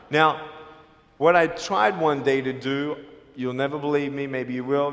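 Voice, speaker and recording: A man giving an emphatic motivational speech to students on stage, shifting between quiet lines and shouting. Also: mid-range voice. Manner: emphatic, swings from soft to shouting. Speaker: motivational speaker. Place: large hall on stage. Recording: long hall reverb, faint music.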